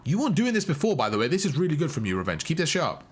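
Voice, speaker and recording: A man's voice: a little high, wildly swooping pitch, racing, slightly rough. A young man coaching a player live through a match, emphatic and full of praise, repeating his instructions. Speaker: game coach. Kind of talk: live gameplay coaching commentary.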